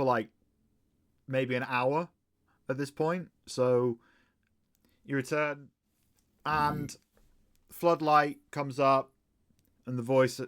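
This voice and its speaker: A man narrating as game master of a tabletop game, relaxed and full of fillers. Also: medium pitch.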